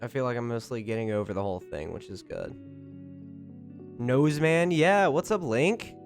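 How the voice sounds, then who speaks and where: A young man chats loosely with his live-stream viewers. He runs through greetings, then jumps up louder to thank a supporter. Faint music plays under his mid-pitched voice. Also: moderate pace. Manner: greets chat members by name, bursts of loud excited thanks. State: recovering from a cold. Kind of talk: casual live-stream chat.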